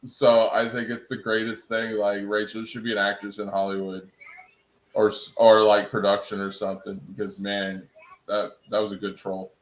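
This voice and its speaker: A young man streaming from home, chatting casually with his viewers in an excitable, rambling way and laughing at himself. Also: lowish voice, normal speed, echoey room, dull audio. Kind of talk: casual live-stream chat.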